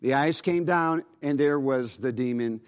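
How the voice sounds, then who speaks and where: A man's voice: medium pitch, unhurried, smooth. A man preaching, telling a dramatic personal testimony in an earnest voice. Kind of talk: sermon testimony.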